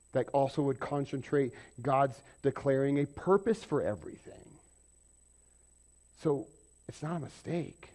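A man preaching a conversational sermon, jumping from loud emphatic bursts to quiet asides. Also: mid-range voice. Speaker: pastor.

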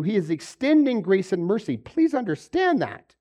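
A pastor giving a sermon, moving from quiet stretches to loud, emphatic preaching and asking his congregation questions. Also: high voice, big pitch swings, moderate pace. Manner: asks the audience questions. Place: room with a congregation.

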